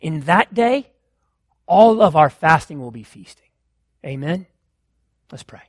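High-pitched guy preaching a sermon, gets worked up and loud, dry close sound. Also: lively intonation, a little slow, no room sound. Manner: impassioned preaching, rising to loud exclamations. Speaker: pastor.

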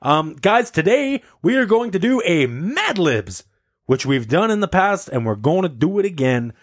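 A man hosting a casual group podcast, upbeat and animated as he runs a word game with friends. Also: high voice, moderate pace, no echo, studio quality. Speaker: podcast host.

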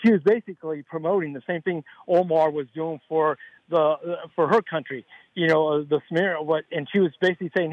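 A man's voice: a little high, fairly even intonation, a little fast, no echo, dull audio. Rambling male caller, earnest and dry. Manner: rambling, earnest, run-on talk. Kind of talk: phone-in call to radio show.

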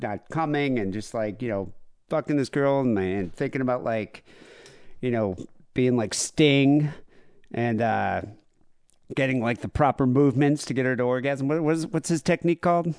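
A man's voice: mid-range voice, moderate pace, a little mellow, clean tone, dry recording. Joking male podcast co-host, dry sound. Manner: crude, joking, rambling with many fillers. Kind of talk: casual podcast banter.

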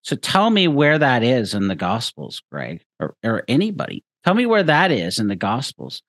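A man's voice: medium pitch, huge pitch swings, normal speed, fairly bright tone, no room sound. A man hosting a show, giving emphatic critical commentary, repeating his points and speaking straight to the person he criticizes. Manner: emphatic, repeats himself, addresses the preacher directly. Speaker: host.

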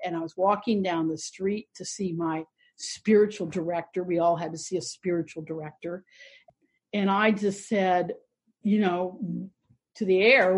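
A woman's voice: on the low side, steady tone, measured pace, breathy edge. A woman in her sixties, an Episcopal priest, telling a personal story in an interview with a reflective, earnest manner and a light sense of humor.

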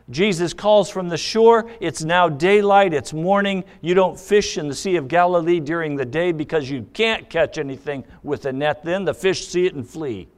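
Preaching man, slightly high voice. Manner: preaching with questions, acting out quoted dialogue. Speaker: pastor. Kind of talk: sermon.

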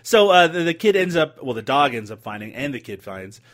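Giggly, lively-voiced man reviewing movies. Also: mid-range voice, fairly quick. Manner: laughs often, swears, jokey. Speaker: movie review podcast co-host. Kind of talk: casual movie commentary chat.

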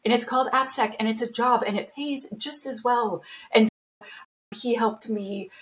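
A woman's voice: fairly high pitch, moderate pace. Upbeat chatty woman telling her story. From Canada. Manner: upbeat, chatty, expressive, laughs often. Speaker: guest, security founder. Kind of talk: casual storytelling interview.

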